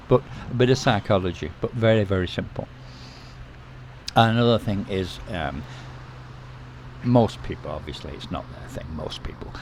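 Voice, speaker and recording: A man hosting a vlog, giving relaxed, casual advice to the camera, repeating himself and often checking in with "okay?". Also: fairly low pitch, a little hiss or hum. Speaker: vlog host.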